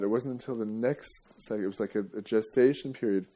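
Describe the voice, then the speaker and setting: A man giving a rambling, jokey live talk to an audience, breaking now and then into loud playful chants. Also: lowish voice, fast.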